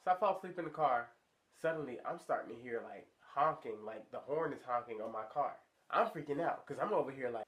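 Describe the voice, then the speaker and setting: A young man telling a story to his viewers in a casual, slangy, animated way, sounding stuffy from a sinus infection. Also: a little fast. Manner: animated, slangy, acts out high squeaky voices in quotes. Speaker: vlogger.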